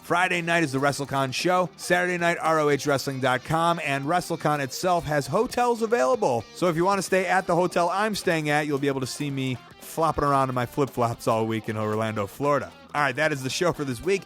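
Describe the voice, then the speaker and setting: A man's voice: a little high, fairly quick, hardly any pauses, fairly bright tone, faint music behind. A man hosting a podcast, upbeat and a little worn out from travel, rattling off dates and plugs in casual talk. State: tired from travel. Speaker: podcast host. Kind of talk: podcast outro and casual chat.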